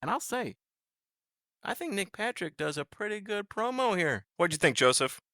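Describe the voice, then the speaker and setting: A man's voice: high-pitched, a little fast, dry recording, studio quality. A man co-hosting a podcast, recapping wrestling in casual chat with sarcastic jokes. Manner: sarcastic, animated joking. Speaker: podcast co-host.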